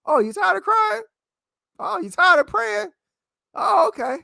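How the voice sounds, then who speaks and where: A man's voice: extremely high pitch, sing-song, measured pace, creaky, pushed and bright, no room sound, studio quality, pitched above the performer's own voice, full character voice. A man voicing life itself as a patient figure who teases someone for crying. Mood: teasing, coaxing. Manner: coaxing, teasing. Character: patient personified life, cheerfully waiting.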